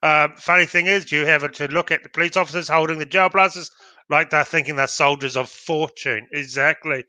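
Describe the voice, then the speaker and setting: Bright sarcastic Australian man. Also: fairly high pitch, steady tone, fairly quick, no echo. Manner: sarcastic, mocking. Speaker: podcast co-host. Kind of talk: casual livestream chat.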